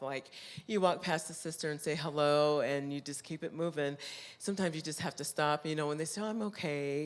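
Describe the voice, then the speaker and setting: A woman chairing a church women's conference gives closing thanks in a church hall, speaking in a halting, heartfelt way with frequent ums. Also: deep voice, smooth. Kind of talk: closing remarks at a church event.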